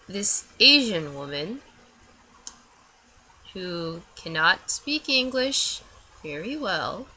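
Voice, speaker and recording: A young woman ranting in a vlog, telling a story with lots of cursing and "like" fillers, shifting from low mumbles to loud outbursts. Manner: animated, profane, lots of "like" fillers. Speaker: vlogger.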